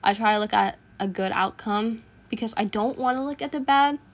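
A woman's voice: fairly high pitch, a little fast. Earnest teenage girl podcasting. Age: teens. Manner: earnest and reflective, talks in short bursts. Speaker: podcast host. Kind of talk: casual personal monologue.

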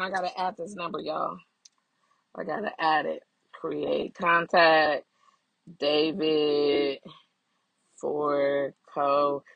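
A woman's voice: deep voice, creaky, husky, no echo, lo-fi sound. A woman hosting her podcast while driving, chatting casually to her listeners. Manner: chatty, animated, addresses listeners as y'all. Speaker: podcast host. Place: in a car. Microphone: phone.

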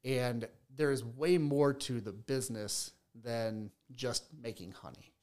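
A slow, mid-range male voice with a darkish tone. He owns a beekeeping business and, in a casual podcast interview, tells stories that keep restarting and repeating words.

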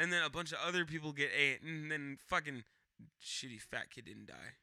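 A man's voice: a little high, expressive, fairly quick, creaky, sharp tone, no echo. A man co-hosting a podcast in casual, profane banter, often acting out silly voices. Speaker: podcast co-host.

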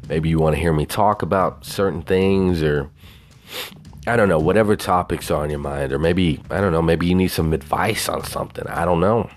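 A man with a low voice hosts his own podcast at a normal pace, talking casually in a solo format. He rambles, brags, and swears, all delivered with a Southern US twang.

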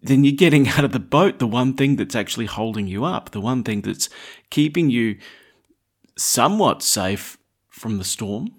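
Lively-voiced priest preaching a homily. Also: male voice, medium pitch, moderate pace. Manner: lively, conversational preaching with rising emphasis. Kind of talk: gospel reading and homily.

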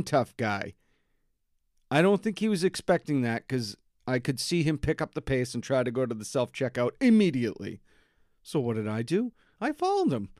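A man's voice: fairly high pitch, a little mellow, no room sound, studio quality. A man with a Boston accent hosting a podcast, telling an angry story in a heated, profane, indignant monologue. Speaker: podcast host.

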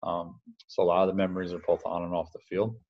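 Deep-voiced New man, laid back. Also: completely flat delivery, fast talker, muffled recording. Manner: laid-back, rambling, full of fillers and laughs. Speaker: former minor league baseball catcher, guest. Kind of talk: casual storytelling interview.

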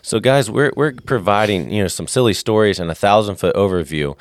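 Deep-voiced man, animated podcast storyteller. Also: a little fast, no echo. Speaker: podcast co-host. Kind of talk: casual podcast chat.

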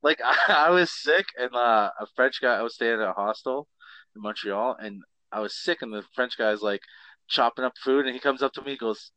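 A man co-hosting a podcast, telling stories in a casual, swearing, animated way. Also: mid-range voice, normal speed, no room sound. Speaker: podcast co-host. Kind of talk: casual chat.

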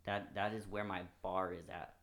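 A man's voice: low voice, level tone, moderate pace, a bit bright. A guest on a podcast in casual chat, talking reflectively and earnestly about his own past.

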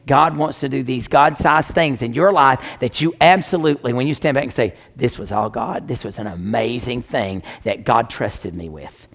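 A man preaching a sermon as pastor, swinging between loud exclamations and hushed near-whispers. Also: mid-range voice, normal speed, hardly any pauses, long reverb tail.

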